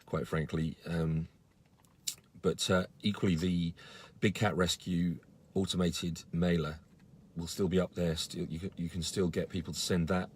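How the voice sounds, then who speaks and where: A man with a low, husky voice speaks to his followers on a live stream. He sounds earnest and indignant, and he often stops to restart his sentences with ums and uhs. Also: level tone, measured pace. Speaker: campaigner on a live video. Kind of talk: casual live-stream update.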